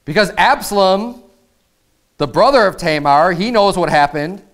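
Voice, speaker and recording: A man's voice: high voice, expressive, a little slow. A male pastor preaching a sermon in a conversational way, often repeating words as he paraphrases scripture.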